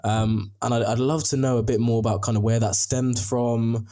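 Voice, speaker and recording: A man's voice: mid-range voice, steady tone, normal speed, warm tone. A young man hosting a podcast, asking questions hesitantly with many fillers. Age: young adult. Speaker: podcast host. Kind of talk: casual interview questions.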